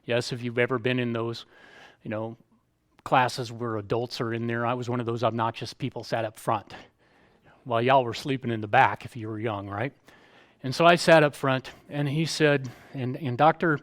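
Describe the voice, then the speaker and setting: Emphatic conversational preacher. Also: male voice, mid-range voice, steady tone, normal speed. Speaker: pastor. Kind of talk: sermon.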